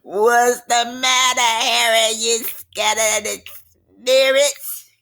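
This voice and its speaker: A woman's voice: mid-range voice, big pitch swings, takes it slowly, creaky, slightly rough, heavily acted. A woman voicing a mocking female passenger who taunts a man about spirits. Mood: taunting. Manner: mocking, laughing.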